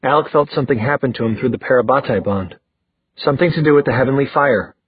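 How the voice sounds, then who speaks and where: A husky-voiced man playing a frantic young vampire, his voice pushed high and loud with urgency. The sound is tinny and phone-like, dry with no room at all. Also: quick pace, no echo, lightly acted. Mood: urgent. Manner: urgent, rising, pleading. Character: agitated young male vampire, Simon.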